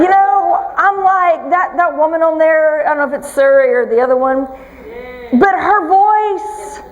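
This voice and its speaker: A woman's voice: extremely high pitch, measured pace, dull audio, a crowd in the background. A woman giving a motivational talk on stage, telling stories with humor and teasing her audience. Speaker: motivational speaker. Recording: long reverb of a large hall.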